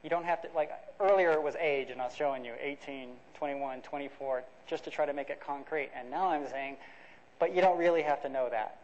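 A man's voice: on the high side, fairly quick. A man giving a conversational academic lecture, explaining step by step with frequent restarts and fillers. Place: lecture hall. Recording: dull lo-fi lecture recording.

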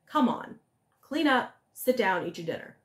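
A woman voicing the devil's old mother, a sharp-tongued but caring figure who scolds and coaxes, in a storybook telling. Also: on the high side, expressive, a little slow. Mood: scolding. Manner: scolding, coaxing. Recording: echoey room.

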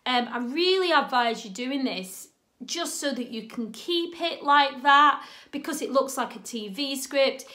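Brief: woman, drama teacher, high bright voice, chatty and animated. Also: measured pace. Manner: chatty, animated, checks in with "okay?". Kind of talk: instructional talk.

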